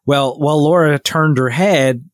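A man casually telling a long story on a podcast, animated and full of restarts, acting out what people said. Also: fairly high pitch, measured pace, no echo, studio quality. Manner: rambling, animated retelling with many restarts and quoted voices. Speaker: podcast co-host.

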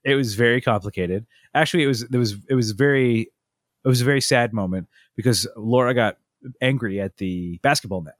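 A man talks in a relaxed, rambling way, circling back and restarting his sentences. His voice sits at a middle pitch. It is recorded close to the microphone and sounds very dry. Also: brisk, no room sound. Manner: rambling storyteller, many restarts and asides. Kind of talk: casual chat.

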